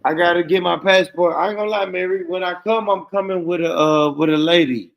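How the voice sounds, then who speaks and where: Male stream host, mid-pitched and gravelly, animated and profane. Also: a little fast, rough recording. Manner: animated, profane, laughs often. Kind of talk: casual live stream chat.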